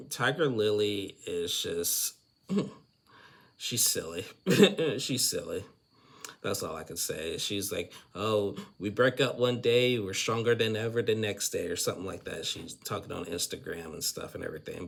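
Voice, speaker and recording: A man's voice: lowish voice, creaky, a bit bright. A man hosting a casual, rambling recap of a reality show, chatty and full of restarts. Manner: rambling, chatty, with frequent restarts and "you know". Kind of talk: casual spoken episode recap.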